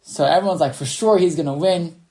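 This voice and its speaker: A man's voice: fairly high pitch, brisk, mellow. A man teaching a Torah class over a video call, telling a story and reading sources, with many fillers and restarts. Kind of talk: online class lecture.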